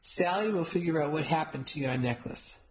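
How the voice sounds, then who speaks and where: Lady playing a grandma, quiet but firm, low voice, storybook. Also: moderate pace, slight background noise, lightly acted. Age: older. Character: stern calm grandmother with authority.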